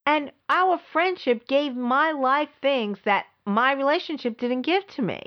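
A middle-aged woman hosting a podcast, telling a personal story in an emphatic way, repeating words for stress and swinging between high and low. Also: expressive, a little slow. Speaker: podcast host. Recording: slightly dull lo-fi audio.

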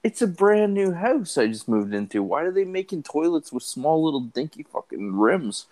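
A man's voice: a little high, sing-song, moderate pace, darkish tone. A man in crude casual chat, complaining with swearing and rising exasperation.

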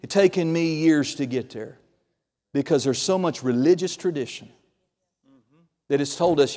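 Preacher guy, fairly high voice, gets quiet then loud, big echoey church. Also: moderate pace, pauses often. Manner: animated preaching, swinging between hushed and loud. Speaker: pastor. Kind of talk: sermon. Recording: reverberant hall.

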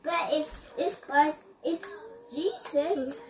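A young girl at home, talking excitedly, shouting and half-singing a church song with her siblings. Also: high voice, drawn-out words. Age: child.

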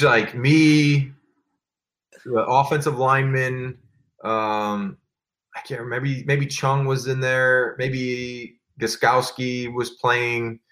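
Man, 30s, former football player, guest, casual storytelling, filler-heavy, animated, mid pitch.

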